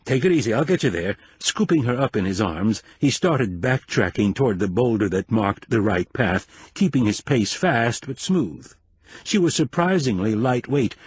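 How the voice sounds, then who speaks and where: A man narrating an audiobook in a measured, expressive storytelling manner. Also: mid-range voice, breathy edge, no echo.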